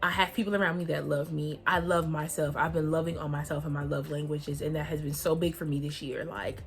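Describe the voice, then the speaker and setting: A woman's voice: sits low, flat delivery, a little fast. A young woman, talking to her viewers in a casual, heartfelt vlog and laughing often. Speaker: vlogger.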